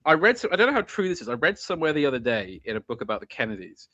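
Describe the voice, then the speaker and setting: A man's voice: mid-range voice, big pitch swings, rapid-fire, bright, forceful tone, no echo, lo-fi sound. A man in casual conversation, chatty, who laughs often and likes mimicking voices. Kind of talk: casual chat.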